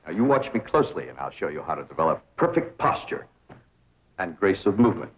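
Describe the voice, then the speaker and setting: A man's voice: deep voice, very animated, a little fast, dull audio. An actor playing a pompous, theatrical young rich man who talks in a grandiose, affected, overenunciated way, on a hissy 1960s TV soundtrack.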